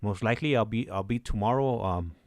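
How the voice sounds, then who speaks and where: Deep-voiced man hosting a livestream. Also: fairly quick, dry recording. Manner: laid-back, many fillers and restarts. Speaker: channel host. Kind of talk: casual livestream chat.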